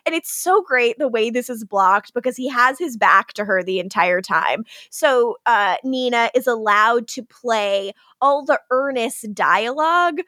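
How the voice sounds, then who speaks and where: A woman co-hosting a podcast, recapping a TV episode in animated, profane storytelling. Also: a little high, measured pace, few pauses, no echo, clean studio sound. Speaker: podcast co-host. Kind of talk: casual recap chat.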